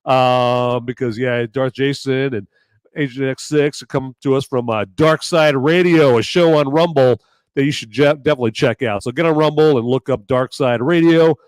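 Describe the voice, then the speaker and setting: A hoarse man hosts a live show, rambling along and cracking jokes. His pitch sits at an ordinary middle height. The sound is dry and close, with no room around it. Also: normal speed, dry recording. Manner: rambling and jokey. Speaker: podcast host. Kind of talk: live casual chat.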